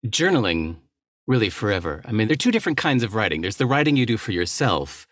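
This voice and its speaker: His voice is fairly low and a bit bright, with a quick, sing-song rhythm, captured in echo-free studio quality. The speaker is a middle-aged writer and entrepreneur giving a reflective podcast interview, candid and thoughtful, punctuated by small laughs and restarts.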